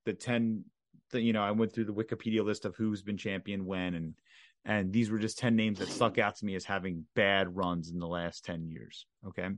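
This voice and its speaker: A man's voice: lowish voice, flat delivery, moderate pace, dry recording. Casual man reading off a list. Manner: leads the segment, reads off a list. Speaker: podcast co-host. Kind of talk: casual chat.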